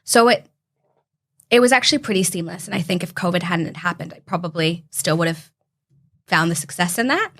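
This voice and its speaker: A woman's voice: lowish voice, fairly quick, a bit bright. A young woman from Canada, a podcast guest telling her story in an earnest, heartfelt way. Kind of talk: casual interview chat.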